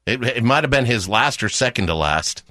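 Brief: chummy male radio host, lively delivery, dry studio sound. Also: medium pitch, fairly quick, dry recording. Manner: upbeat, chummy with callers. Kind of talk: radio call-in quiz.

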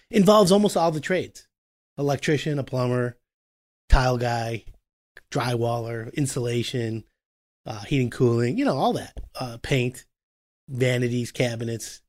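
A man hosting a talk show about home renovation, explaining with animated acted-out dialogue. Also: on the high side. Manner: animated, acts out customer and contractor voices. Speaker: podcast host.

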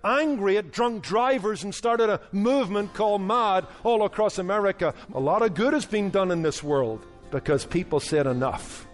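A man's voice: sits high, moderate pace, few pauses, faint music behind. A male Bible teacher giving a radio sermon, telling stories and acting out their dialogue. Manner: storytelling preacher, acts out dialogue in his story.

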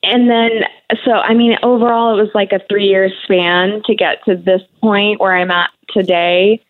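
A woman's voice: medium pitch, steady tone, a little slow. A woman in her thirties, a guest on a talk show, speaking candidly in a conversational way with many fillers. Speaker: guest sharing her cancer story. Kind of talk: emotional interview conversation. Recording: tinny phone-like radio audio.

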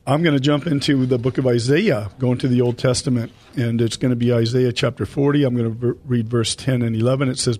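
A man hosting a Christian radio show, talking to listeners as folks and reading Bible passages slowly. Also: medium pitch, fairly even intonation, a little mellow. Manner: addresses listeners as folks, reads scripture slowly. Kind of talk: Bible study radio talk.

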